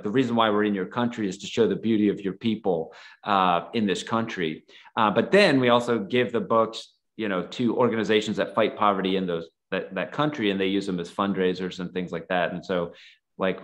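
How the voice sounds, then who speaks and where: A man guest on a podcast, telling stories in a casual, rambling way full of fillers. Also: fairly low pitch. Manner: rambling, filler-heavy, acts out quoted dialogue. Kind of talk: casual storytelling.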